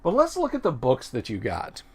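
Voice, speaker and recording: A man's voice: medium pitch, wildly swooping pitch, moderate pace, husky. A middle-aged man hosting a casual livestream, talking in a rambling, chatty way and often correcting himself mid-sentence. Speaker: livestream host.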